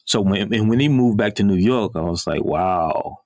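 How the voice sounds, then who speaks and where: A man's voice: lowish voice, normal speed, darkish tone, dry recording, clean studio sound. A man with a Southern accent, a detective speaking as a podcast guest, earnest and rambling with frequent restarts. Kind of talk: casual conversation.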